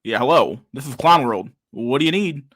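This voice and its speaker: A man voicing a breezy male clown phone operator who calls everyone buddy in a loud, chummy way. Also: mid-range voice, expressive, normal speed.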